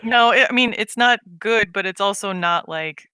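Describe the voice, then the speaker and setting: Bright-voiced podcast co-host, casual chat. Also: male voice, sits high, moderate pace, clear, resonant tone, no echo. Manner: rambling, animated storytelling with quoted voices.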